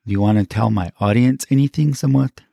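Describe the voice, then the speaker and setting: A woman podcast host with a very deep, dark voice asks a child a stream of gentle, playful questions. The sound is dry and close, recorded in a podcast studio. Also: quick pace, vocal fry, no echo. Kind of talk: casual interview of a child.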